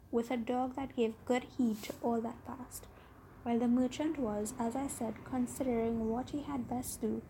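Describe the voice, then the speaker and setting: A woman podcast host calmly reading a classic tale aloud, with a husky, gravelly voice. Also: fairly high pitch, low-quality recording. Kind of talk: bedtime story reading.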